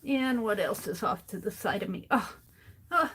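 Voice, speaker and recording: A woman's voice: mid-range voice, lively intonation, a bit bright, husky. A middle-aged woman chatting casually to herself as she sketches for her art vlog, musing over what to draw next. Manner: slow, musing, talks to herself as she draws. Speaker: art vlogger. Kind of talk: casual narration while sketching.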